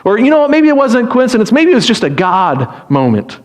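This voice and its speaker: Male pastor, high voice, lively sermon storytelling with acted-out pleas, frequent restarts. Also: brisk. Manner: animated storytelling, acting out pleading voices; repeats words and restarts phrases.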